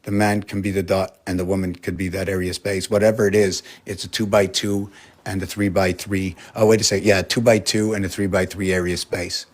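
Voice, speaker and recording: A man's voice: deep voice, flat delivery, a little fast. A man in a casual vlog, rambling through an explanation and asking many rhetorical questions. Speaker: vlogger.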